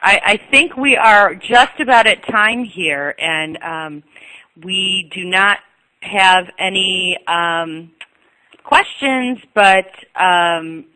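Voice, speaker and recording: Bright-voiced woman moderating a webinar. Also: mid-range voice, very slow, rough recording. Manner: polite, hesitant with fillers. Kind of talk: moderating questions.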